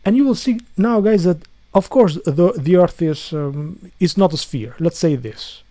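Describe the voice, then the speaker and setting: A man's voice: high-pitched, lively intonation, a little slow, warm tone, dry recording. A man delivering an angry ranting monologue to viewers, full of insults, repetition and stumbling restarts. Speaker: video blogger.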